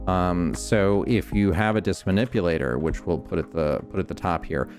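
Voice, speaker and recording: A man streaming a game, calmly explaining each step as he builds and thinking aloud. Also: low-pitched, normal speed, faint music behind. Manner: relaxed, many ums and restarts. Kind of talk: casual gameplay commentary.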